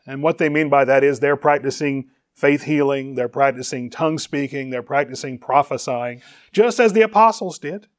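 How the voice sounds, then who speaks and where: A man's voice: a little high, dry recording, studio quality. A man preaching a sermon, reading scripture aloud and explaining its words. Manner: reads scripture aloud and explains Greek words, rising in emphasis on questions.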